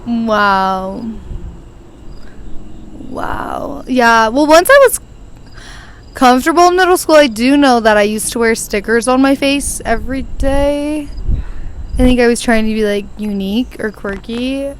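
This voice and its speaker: A woman's voice: on the high side, moderate pace, slight background noise. A woman in her twenties hosting a podcast, chatting and telling stories with lots of giggles, recorded outdoors on a porch. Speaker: podcast host. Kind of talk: casual chat.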